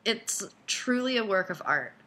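A woman's voice: medium pitch, expressive, a little slow, bright, forceful tone, a little hiss or hum. A woman chatting casually, playful and teasing, gushing over her friend. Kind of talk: casual chat.

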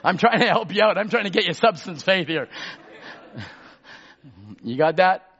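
A preacher with a fairly high, lively voice that rises from low murmurs to shouted emphasis. He calls to the congregation for amens as he goes. The recording sounds dull and muffled. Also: moderate pace. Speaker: pastor. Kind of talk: sermon.

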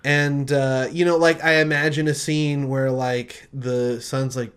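A man co-hosting a casual comedy chat, telling a made-up film pitch in a rambling way and acting out its scenes. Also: little pitch movement, slow pace, few pauses, a bit bright, clean tone. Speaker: podcast co-host pitching film ideas.

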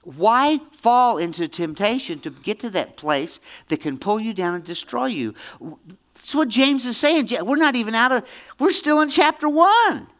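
High, bright-voiced man in his seventies preaching. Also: sing-song, moderate pace. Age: 70s. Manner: emphatic, repeats phrases, swings between loud and hushed. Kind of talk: Bible-teaching sermon.

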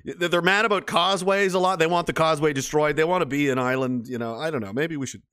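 A man's voice: on the high side, fast talker, a bit bright, clear, resonant tone. A man from Nova Scotia hosting a livestream, reading comments in rambling, profane chat and laughing often. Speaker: host.

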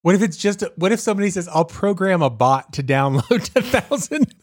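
Playful, animated male podcast co-host. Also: high voice, fairly quick, dry recording, clean studio sound. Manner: animated, playful, jokey asides. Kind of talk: casual chat.

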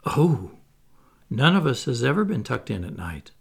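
A man with a gravelly, husky voice voicing an eager, boastful boy who can fly, in a storybook reading. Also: medium pitch, moderate pace, heavily acted. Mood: coaxing. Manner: lively, coaxing.

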